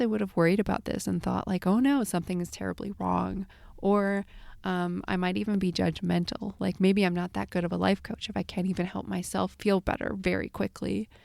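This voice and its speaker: A woman hosting a solo podcast as a life coach, her voice slightly scratchy from a recent illness, speaking gently and reflectively to the listener as a friend. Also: mid-range voice, gravelly, dry recording, clean studio sound.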